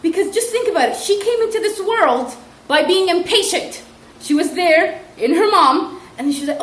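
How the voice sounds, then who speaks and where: A woman's voice: very high-pitched, lively intonation, normal speed. A young woman who teaches English as a second language, chatting in a casual comedic vlog, giggling and mocking as she tells classroom stories with acted-out quotes. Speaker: vlogger and ESL teacher. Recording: echoey room, faint ambient noise.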